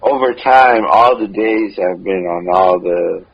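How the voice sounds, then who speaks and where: A man co-hosting a podcast in casual chat, hesitant and halting, at times reading aloud from a book. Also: low voice, creaky, husky, lo-fi sound. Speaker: podcast co-host.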